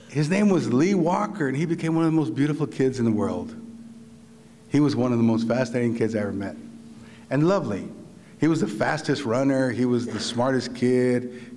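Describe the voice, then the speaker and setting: Brief: Spanish-native male writer, lively comic storyteller, slightly high voice, echoey lecture hall. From New Mexico. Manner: animated and humorous, acting out quoted voices. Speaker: visiting writer. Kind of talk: personal storytelling to a live audience.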